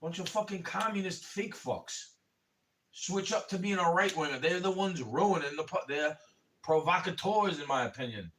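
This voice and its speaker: A man with a somewhat high voice rants through a rambling, profane livestream monologue and keeps calling his listener bro. His anger rises into loud bursts. He sits a bit back from the microphone, so the sound sits at a small distance. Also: expressive, normal speed, slight background noise. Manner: angry, rising to shouting in bursts. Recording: voice a bit far from the mic.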